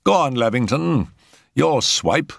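A man's voice: medium pitch, animated, slow, vocal fry, no room sound, studio quality, voice pushed up, heavily acted. A man voicing an agitated, earnest young man who fears he is losing his mind, in a storybook reading. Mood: content. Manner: tense, pleading, insistent. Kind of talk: audiobook character reading.

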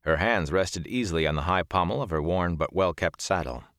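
A man narrating a fantasy audiobook in a measured, steady storytelling manner. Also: sits low, no room sound, clean studio sound.

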